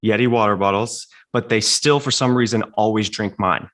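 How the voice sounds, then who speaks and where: A man with a fairly low voice shares a personal story on a podcast. He talks candidly and animatedly, turning reflective as he goes. He is middle-aged and chatting casually. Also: normal speed, a bit bright. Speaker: podcast guest.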